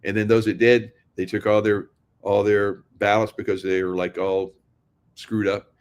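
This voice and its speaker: A man's voice: on the low side, flat delivery, moderate pace, clean tone. A man talking casually to his viewers, rambling and sarcastic, laughing often. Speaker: political commentary vlogger.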